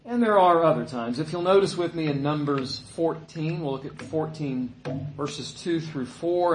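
A man's voice: on the high side, a little hiss or hum. A man preaching a sermon, reading scripture and retelling it in a conversational way, mimicking the complaining people with a mocking voice. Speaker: pastor. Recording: echoey room.

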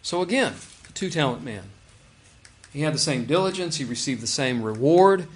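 A man's voice: on the high side, lively intonation, moderate pace. A man preaching a sermon in a conversational way, reading scripture aloud with emphasis. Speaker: pastor.

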